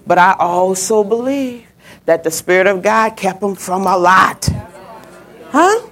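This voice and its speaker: A middle-aged woman preaching a sermon, telling a personal story and swooping up high when she quotes people. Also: expressive, measured pace, fairly bright tone.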